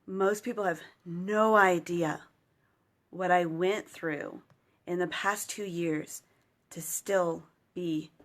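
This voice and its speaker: A woman's voice: lowish voice, steady tone, takes it slowly, fairly bright tone. A woman in her thirties, a mom and certified mentor, talking earnestly and encouragingly straight to the camera in a casual motivational vlog. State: choked up with emotion at times. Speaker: certified mentor speaking to moms.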